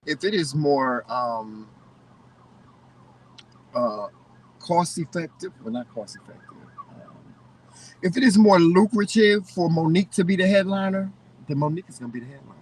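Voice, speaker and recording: A man co-hosting a casual chat, giving opinions in an animated way and often restarting his sentences. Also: a little high, a little slow, long pauses, distant mic, slight background noise, rough recording. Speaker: co-host.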